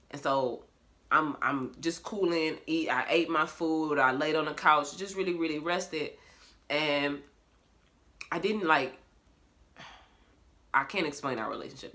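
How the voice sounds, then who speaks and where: A woman's voice: low voice, pushed and bright. A young woman, talking candidly in a casual confessional vlog, swearing freely and laughing often. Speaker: vlogger. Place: bedroom at home.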